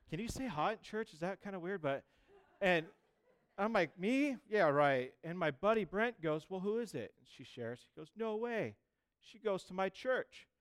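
A man preaching a sermon, telling a personal testimony in a chatty, lively way and acting out the voices of people he quotes. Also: mid-range voice, clean tone. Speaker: pastor.

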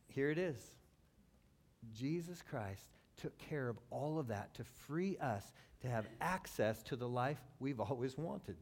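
A man preaching a sermon, swinging between loud emphatic build-ups and low, quiet passages, with wry asides to the congregation. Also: sing-song, measured pace. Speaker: pastor.

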